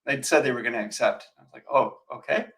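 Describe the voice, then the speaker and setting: Male real estate co-host, mid-pitched, conversational and rambling. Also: fairly even intonation, rapid-fire, a bit bright, rough recording. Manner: conversational, rambling with fillers and restarts. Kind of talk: casual chat.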